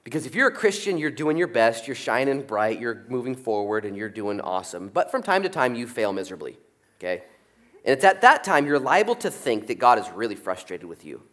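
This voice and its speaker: A middle-aged man preaching a sermon, animated, jumping from loud peaks down to soft asides. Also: fairly low pitch, fairly quick. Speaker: pastor. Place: church sanctuary.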